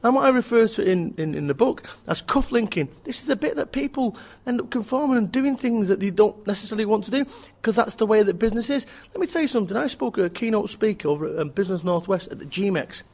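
High-voiced blunt man ranting. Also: lively intonation, fast, few pauses, a little mellow. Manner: emphatic, blunt and joking. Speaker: author and business speaker. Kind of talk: animated interview rant.

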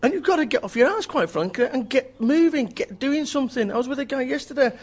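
A man's voice: extremely high pitch, expressive, fast, husky. A man, an author and business speaker, talking in a blunt, ranting way, often mimicking other people's voices. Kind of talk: energetic interview talk.

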